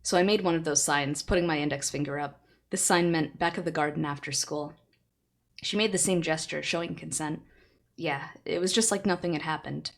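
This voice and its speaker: Lowish-voiced girl streamer reading a novel out loud, chatty, laughs a lot. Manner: chatty, laughs often, answers chat.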